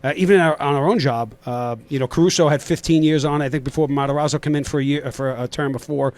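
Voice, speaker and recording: A man's voice: a little high, fairly even intonation, quick pace, darkish tone. A middle-aged man from Queens with a New York accent, hosting a casual podcast interview and rambling with lots of fillers and restarts. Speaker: podcast host.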